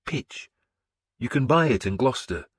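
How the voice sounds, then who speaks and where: A man voicing a timid, nervous older priest, his voice raised high and fretful. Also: lively intonation, moderate pace, a little hiss or hum, close to an everyday voice. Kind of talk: audiobook character voice.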